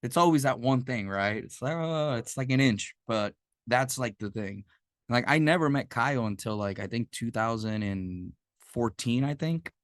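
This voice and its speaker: Male podcast host, mid-pitched, spins profane, animated yarns into a dry studio mic. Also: normal speed, no echo. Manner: animated storyteller who swears freely. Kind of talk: casual chat.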